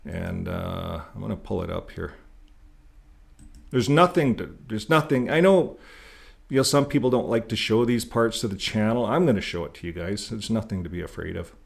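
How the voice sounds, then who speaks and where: A man's voice: fairly low pitch, moderate pace, gravelly. An older man from Canada hosting his own channel, talking casually to camera in a rambling way, repeating words and chuckling. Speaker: YouTube channel host.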